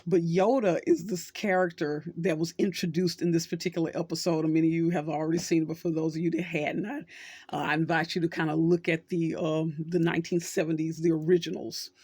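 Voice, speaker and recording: A woman's voice: low voice, fairly even intonation, brisk, warm tone, breathy edge, no echo. A middle-aged woman hosting her channel, talking casually and telling a story with acted quotes. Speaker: social worker and channel host. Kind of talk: casual talk to camera.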